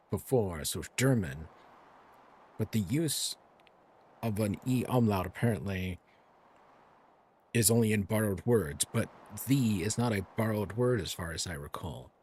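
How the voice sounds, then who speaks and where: A man's voice: fairly low pitch, a little mellow, a little hiss or hum. A man streaming a game, musing aloud in a rambling way and correcting himself as he goes. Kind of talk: casual gameplay streaming. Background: faint game music.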